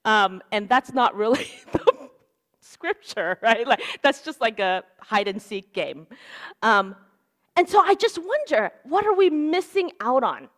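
A woman's voice: a little high, big pitch swings, measured pace, fairly bright tone. A young woman preaching a sermon in an earnest, conversational way, with lots of "like" and "right?". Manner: casual, earnest, fillers like "like" and "right?".

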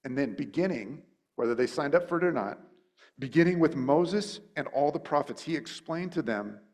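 Conversational male preacher, thinking aloud. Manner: informal, thinks aloud with frequent "like" and restarts; acts out quotes with sudden high, animated voices. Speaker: pastor. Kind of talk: conversational sermon.

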